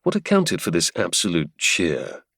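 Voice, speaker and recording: Low-voiced male audiobook narrator. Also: wildly swooping pitch, moderate pace, vocal fry, a bit bright, slightly rough, no room sound, clean studio sound. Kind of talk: scripted romance narration.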